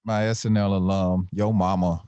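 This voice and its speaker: A man's voice: sits low, level tone, moderate pace, dark tone, clean tone, no room sound, muffled recording. A man hosting a podcast in casual chat, laid-back and repeating words as he gets going. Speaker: podcast host and comedian.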